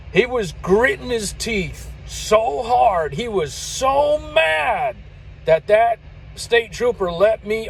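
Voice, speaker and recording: A man's voice: high voice, creaky, slight background noise, low-quality recording. An older man, a truck driver, telling stories in a rambling, folksy way and chuckling between remarks. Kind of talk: casual spoken storytelling.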